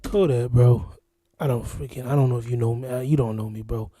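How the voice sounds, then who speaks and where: A man's voice: medium pitch, steady tone, a little fast, mellow, dry recording, clean studio sound. A man from Florida hosting a reaction video, rambling and repeating himself in casual commentary. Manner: rambling, repetitive, exasperated. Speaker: reaction channel host.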